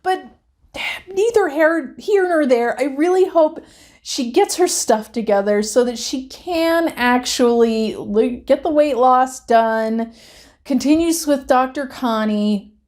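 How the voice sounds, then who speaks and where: A woman with a high, slightly mellow voice speaks slowly while reviewing a reality TV episode in a casual, chatty way. As she rants, she becomes emphatic and heated.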